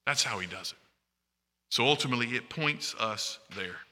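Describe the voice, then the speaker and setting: A man preaching a sermon, animated and often asking the congregation questions. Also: medium pitch, moderate pace, long reverb tail.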